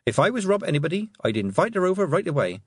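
Male narrator playing a steely young witch girl: calm, measured, quietly threatening. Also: on the high side, slightly rough, no room sound, studio quality, pitched above the performer's own voice.

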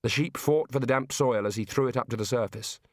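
A man reads a storybook aloud in steady, measured narration. His voice sits at an average male pitch, and the recording is close and dry with no room sound. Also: no room sound. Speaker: audiobook narrator.

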